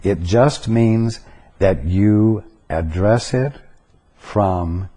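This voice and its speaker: A man giving a spiritual teaching talk, slow and deliberate, pausing to stress single words. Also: on the low side, dark tone.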